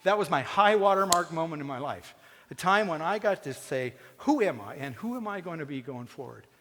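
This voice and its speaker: A man delivering a heartfelt commencement speech, shifting between folksy jokes and quiet, earnest confession. His voice sits a little high for a man. It rings out with long reverb through a theatre hall. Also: animated, a little fast. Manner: folksy and joking, then earnest and emotional. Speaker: commencement speaker. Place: theatre stage.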